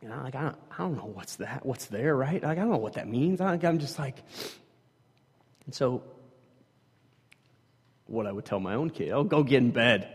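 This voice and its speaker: A man with a slightly husky voice tells a long personal story about putting his kids to bed, full of fillers and restarts. He swings between loud stretches and hushed, almost whispered ones. His voice rings out with a long reverb, as if in a large hall. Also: medium pitch, lively intonation, normal speed, pauses often. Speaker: father telling a personal story.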